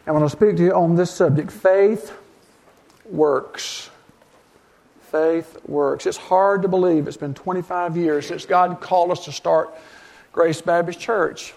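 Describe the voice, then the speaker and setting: A man's voice: sits high, fairly even intonation, measured pace, vocal fry, darkish tone. A middle-aged man pastoring a church, preaching a sermon in an earnest storytelling way, often acting out what others said to him. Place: church sanctuary.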